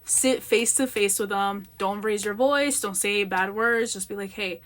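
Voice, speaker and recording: A young woman hosting a solo podcast, telling stories in an emphatic, animated rant and acting out the people she quotes. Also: mid-range voice, a little slow. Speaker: podcast host.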